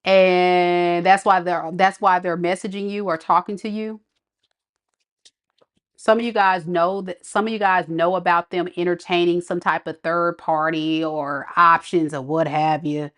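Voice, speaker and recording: A woman's voice: on the low side, a little slow. Sassy, chatty woman reading tarot. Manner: chatty, sassy, animated, blunt. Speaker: tarot reader.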